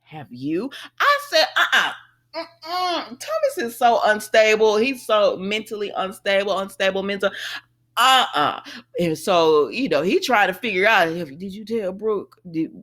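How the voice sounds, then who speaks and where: Woman host, chatty soap recap, very animated swings in pitch, exclaims and paraphrases. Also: moderate pace. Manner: animated, exclaims, paraphrases dialogue, addresses viewers as y'all. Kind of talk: casual chat.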